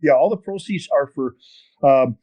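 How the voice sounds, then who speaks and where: An older man from northern Wisconsin telling a long story in an interview, animated and full of restarts. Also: mid-range voice, moderate pace. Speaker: podcast guest, fishing TV host. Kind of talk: storytelling interview over a call.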